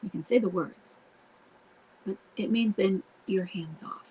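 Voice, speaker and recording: A woman's voice: medium pitch, unhurried, darkish tone, slight background noise, poor audio. A woman coaching spouses in a live online Q&A, talking earnestly and directly and breaking off to act out what to say. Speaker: marriage coach answering viewer questions. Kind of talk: live Q&A advice talk. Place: home, streamed live online.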